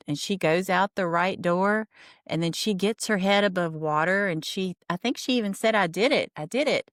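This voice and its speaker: A woman chatting through a casual recap of a TV show, animated and acting out the people she quotes. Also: lowish voice, no echo, clean studio sound. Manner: chatty, animated, quick laughs, acts out quotes.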